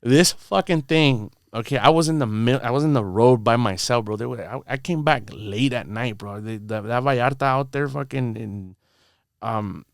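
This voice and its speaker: A man's voice: mid-range voice, moderate pace, creaky, dry recording, clean studio sound. A man casually telling a long story on a podcast, rambling and profane, filling his talk with "bro" and "dude". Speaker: podcast guest. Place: podcast studio.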